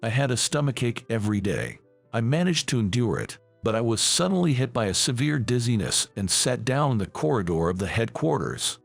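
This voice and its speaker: A man tells a first-person story in a scripted, measured way. His voice has a gravelly texture and a mid-range pitch that moves expressively up and down. Soft music plays faintly underneath. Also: sing-song. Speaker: narrator.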